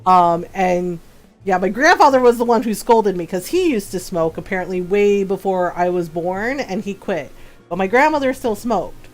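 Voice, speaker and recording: A woman's voice: medium pitch, normal speed, faint music behind. A woman streamer telling stories in casual chat, laughing often and acting out the voices of people in her stories.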